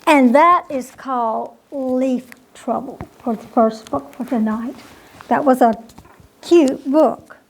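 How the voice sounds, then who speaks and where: Librarian, woman, reads a bedtime story slow and gentle, high voice, chats to the kids between pages. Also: husky. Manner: slow, gentle, asks the listeners questions. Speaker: children's librarian.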